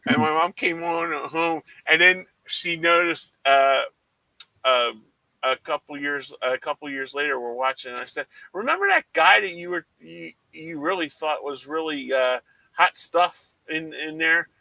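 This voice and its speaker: A man's voice: on the high side, measured pace, gravelly, no room sound, low-quality recording. A man from South Jersey telling a long story in casual chat, acting out his mother's lines as a co-host. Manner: animated storyteller who acts out his mom's lines. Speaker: watch party co-host.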